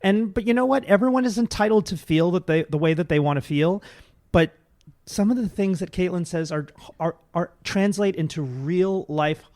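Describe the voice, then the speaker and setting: A man talking as a guest in a casual podcast chat, animated and emphatic, often restarting his sentences. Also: high-pitched, moderate pace, no echo, clean studio sound. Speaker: guest, satirical performer.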